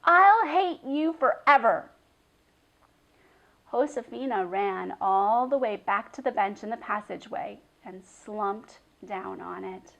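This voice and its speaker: Slow, gravelly woman reading a children's book. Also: mid-range voice, rough recording. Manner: expressive, dramatic reading with hushed drops. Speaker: storyteller. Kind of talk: children's book read-aloud.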